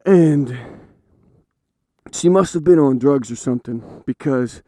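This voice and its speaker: A man's voice: medium pitch, slow pace, mellow, dry recording. A man casually telling a story to camera, chatty with frequent fillers and laughs. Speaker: storyteller host. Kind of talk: casual anecdote told to camera.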